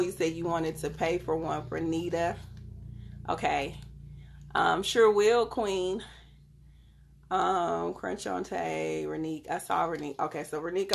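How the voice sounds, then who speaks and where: Brief: young woman, deep voice with fry, relaxed chatty live-stream host talking to viewers through her phone. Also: measured pace, a little hiss or hum. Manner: chatty, talks straight to viewers by name. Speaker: live-stream host selling crystals and readings. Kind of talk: casual live-stream demonstration.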